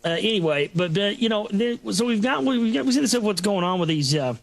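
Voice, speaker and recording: A man's voice: sits high, expressive, fairly quick, vocal fry. A man hosting a talk show, rambling through a sarcastic, mocking solo commentary. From Texas.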